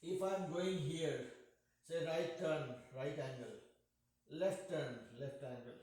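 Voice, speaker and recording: Brief: male math tutor, Indian accent, high-ish voice, very echoey room. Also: slow pace, darkish tone. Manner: patient, jokey, checks in with "yeah?". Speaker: math teacher. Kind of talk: online class teaching.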